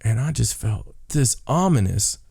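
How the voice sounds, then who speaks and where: A man's voice: mid-range voice, big pitch swings, a little slow, gravelly, dark tone, breathy edge, no echo, studio quality. A man co-hosting a podcast, telling stories in a rambling casual way, repeating and restarting words. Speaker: podcast co-host. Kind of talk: casual chat, storytelling.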